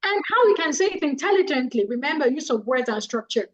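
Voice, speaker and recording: A woman's voice: high-pitched, expressive, a little fast, hardly any pauses, low-quality recording. A woman with a Nigerian accent giving public speaking advice, emphatic and repeating points for effect. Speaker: guest speaker.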